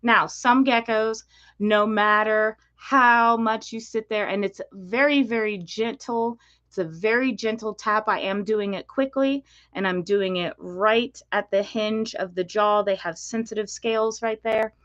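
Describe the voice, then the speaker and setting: A woman breeder hosting a casual live stream, gently explaining and demonstrating with many ums. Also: mid-range voice, unhurried, lo-fi sound. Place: indoor reptile room with enclosures.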